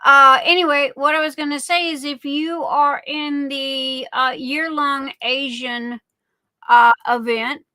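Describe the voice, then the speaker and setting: High, unhurried chatty woman host. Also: steady tone, pushed and bright, dry recording, poor audio. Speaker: livestream host. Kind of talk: casual livestream chat.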